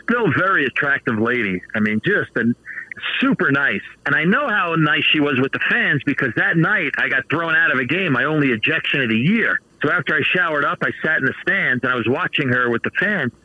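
A man in his fifties telling baseball stories as a guest in a casual interview, animated and laughing often. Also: a little high, brisk, dry recording, muffled recording. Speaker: author and baseball manager guest.

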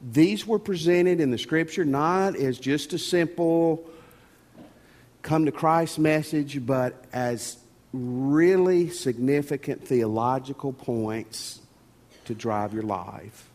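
A man preaching a sermon as pastor, folksy and animated, often repeating words. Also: fairly high pitch, slow. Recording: long reverb of a church hall.

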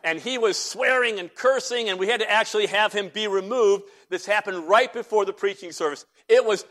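A man preaching a sermon as pastor, telling stories with animated swings between hushed and loud delivery in a church. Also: high voice. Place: church sanctuary.

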